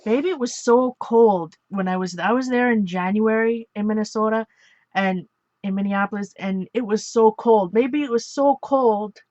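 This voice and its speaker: Canadian lady from ontario rambling while making art, middle pitch, muffled dry recording. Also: moderate pace, darkish tone, no echo. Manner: rambling, chatty, laughs often, self-correcting. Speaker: art journaling vlogger. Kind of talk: casual chat while crafting.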